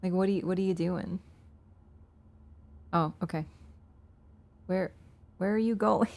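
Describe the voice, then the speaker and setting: A woman's voice: lowish voice, unhurried, darkish tone. Playful woman streamer chatting. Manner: playful, chatty, talks to her cat and laughs. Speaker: game streamer. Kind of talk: casual live-stream chat. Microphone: wearing an earbud headset.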